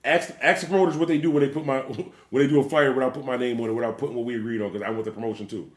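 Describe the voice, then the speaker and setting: A man's voice: medium pitch, fairly even intonation, rapid-fire. A man who is a DJ, hosting a livestream and ranting bluntly with plenty of profanity. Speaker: DJ and livestream host. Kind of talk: livestream rant. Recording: roomy echo.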